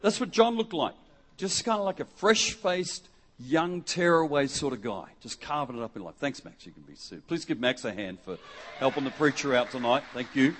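A man's voice: on the high side, lively intonation, moderate pace, a bit bright. A middle-aged man from Western Australia, preaching a jokey, conversational sermon to a congregation and acting out quotes. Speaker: guest preacher. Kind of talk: lively sermon with audience interaction. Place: church hall before a congregation.

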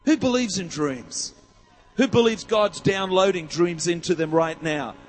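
Rousing preacher in a hall. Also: male voice, high voice, unhurried, faint music behind. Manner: emphatic, rousing, rhetorical questions. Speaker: pastor. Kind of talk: sermon. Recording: long hall reverb.

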